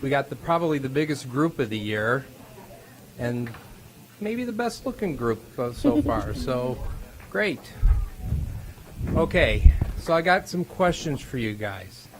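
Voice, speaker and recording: A man's voice: medium pitch, very animated, unhurried, pauses often. A man chairing a school board meeting, joking and encouraging as he talks with young students. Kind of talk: friendly meeting chair talking with children. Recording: loud background noise.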